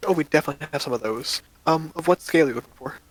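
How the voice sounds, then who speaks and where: A man voicing a nervous young female shop employee, hurried and apologetic. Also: low voice, pitched above the performer's own voice. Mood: friendly.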